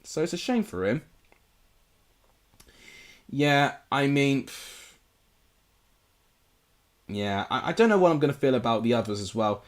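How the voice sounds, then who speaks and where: A man's voice: mid-range voice, sing-song, measured pace, pauses often. A young man from England hosting a live football watchalong, chatting casually and answering viewer comments. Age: young adult. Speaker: livestream host.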